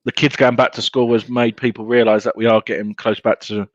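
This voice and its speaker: A friendly caller on a fan show, heard through a dull, lo-fi line. His pitch is average and the sound dry. He halts and repeats himself as he chats. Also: little pitch movement, a little fast, dry recording. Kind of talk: casual chat.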